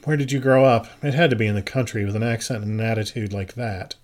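A man reading the part of an exhausted but hard-edged woman neighbor, speaking quietly and haltingly in an audiobook. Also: fairly low pitch, steady tone, natural voice. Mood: weary. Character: weary, tough-minded woman neighbor guarding sleepers.

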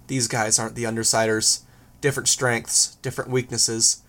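A man narrating a first-person novel in an even, measured reading. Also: medium pitch. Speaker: audiobook narrator.

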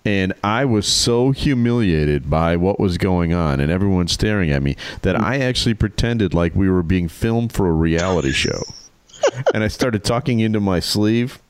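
A man's voice: deep voice, animated, moderate pace, clean tone, no room sound. A middle-aged man co-hosting a podcast, telling stories casually with wry, dry humor. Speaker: podcast co-host. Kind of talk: casual chat.

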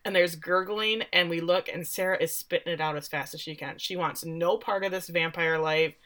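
A woman's voice: lowish voice, fairly even intonation, normal speed, fairly bright tone. A woman casually recapping a story on a podcast, acting out the characters' lines as she goes. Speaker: podcast co-host recapping a show. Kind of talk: casual chat.

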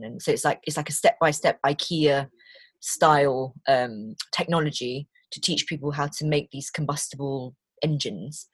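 A British woman, a voice actor, talking casually in an interview and telling lively stories with quoted voices. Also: low-pitched, moderate pace, breathy edge, no room sound. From Britain. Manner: chatty, animated storytelling with quoted voices. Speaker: voice actor guest. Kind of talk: conversational interview.

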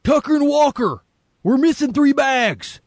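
A man voicing a gruff, shouting male movie henchman with an over-the-top barking delivery. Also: very high voice, expressive, unhurried, no room sound, studio quality, voice pushed up. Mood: barking angry.

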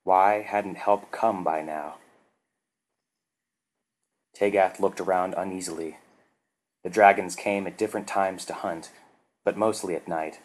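A man narrating a science fiction story in a measured, dramatic way. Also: low-pitched, fairly even intonation. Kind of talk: scripted narration.

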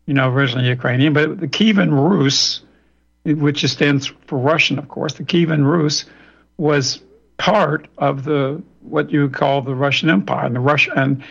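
A man's voice: on the high side, gravelly, fairly bright tone. A man, a guest on a radio interview, lecturing in a long, digressive way with frequent restarts over a remote line. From Louisiana, US. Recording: dull lo-fi radio audio.

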